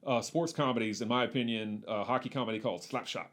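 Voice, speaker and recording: Guy cohosting a movie podcast, excited, lots of uhs, reels off awards trivia. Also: mid-range voice, fast talker. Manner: enthusiastic, rattles off trivia with many fillers. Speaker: podcast co-host. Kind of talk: casual movie discussion.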